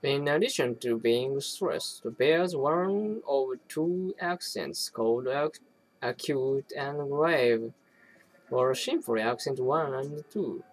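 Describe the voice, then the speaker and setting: A person reading an academic text aloud, halting often to restart and correct words. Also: medium pitch, animated, poor audio. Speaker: reader.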